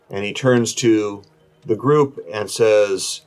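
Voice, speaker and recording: A man narrating a tabletop game as game master, in a slow, measured way with pauses. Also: lowish voice, fairly even intonation, darkish tone, clean tone.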